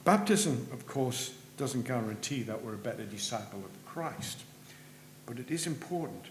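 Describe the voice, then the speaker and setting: A man preaching a sermon in a church, earnest, rising for emphasis and dropping low at the ends of phrases. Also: expressive, moderate pace. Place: church sanctuary. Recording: roomy church with faint hum.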